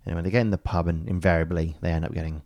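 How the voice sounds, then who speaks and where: Speaking fast in a deep, level, slightly mellow voice, an Australian man co-hosts a laid-back podcast. He's telling a joke as pub-style banter, meandering with frequent fillers and laughing heartily.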